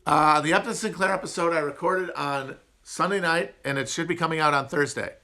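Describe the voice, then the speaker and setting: A man's voice: fairly high pitch, brisk, bright, forceful tone. Nasal upper Midwest man rambling. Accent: upper Midwest American. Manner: rambling, digressive, self-mocking. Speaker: podcast host answering chat. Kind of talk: casual livestream chat.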